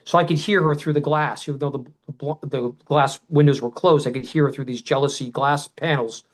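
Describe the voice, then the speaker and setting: A middle-aged man, a podcast guest, telling an emotional personal story in a rambling way, full of restarts and loudly quoted shouting. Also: fairly high pitch, steady tone, a little fast, poor audio.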